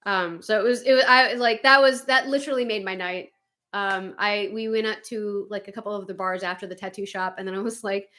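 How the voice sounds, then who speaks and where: A woman hosting a livestream, chatting casually with viewers and reading their comments, animated and quick to laugh. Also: mid-range voice. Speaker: livestream host.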